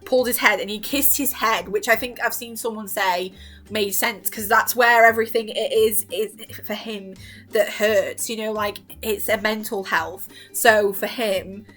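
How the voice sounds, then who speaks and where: A woman's voice: mid-range voice, steady tone, measured pace, fairly bright tone, soft background music. A woman rambling casually about a TV series, gushing and emotional, with filler words and sudden squeals when she quotes her own reactions. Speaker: vlogger reviewing a TV series.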